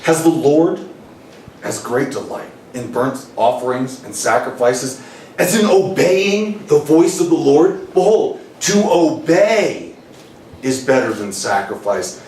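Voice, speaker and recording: A man's voice: medium pitch, expressive, slow, a little mellow, slight background noise. A man voicing a stern old male prophet, reading solemn, scolding words of rebuke. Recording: roomy hall, distant mic, faint ambience.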